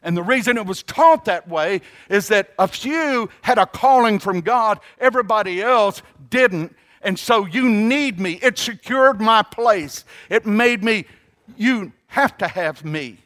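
A man preaching a sermon in a notably high voice. He is emphatic, stretching out key words and calling on listeners to say phrases back. He often restarts his sentences mid-thought. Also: animated, a bit bright. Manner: emphatic, calls congregation to repeat phrases; halting restarts, drawn-out emphasis. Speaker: pastor.

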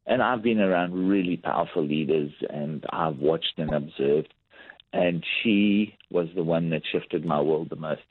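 A man's voice: a bass voice, a little slow, slightly rough. A man, a lifestyle coach, telling workplace anecdotes in a podcast interview, acting out what people said. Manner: animated anecdotal storytelling with acted-out quotes. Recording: tinny phone-like line.

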